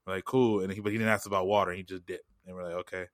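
A man's voice: sits low, flat delivery, rapid-fire, no echo, studio quality. A man telling a story in loose, slangy casual chat, full of "like" and "you know what I'm saying".

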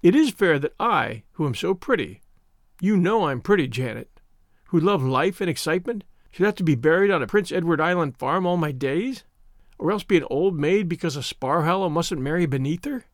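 A man reads a proud young woman in a storybook, worldly and teasing. She speaks frankly with a lively, rising and falling pitch. The recording is close and dry. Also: normal speed, dry recording, natural voice. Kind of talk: audiobook reading.

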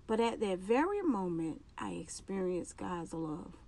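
A woman hosting a podcast, giving an earnest personal faith testimony and speaking haltingly, with restarts and repeated phrases. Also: mid-range voice, very animated, vocal fry, dark tone. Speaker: podcast host.

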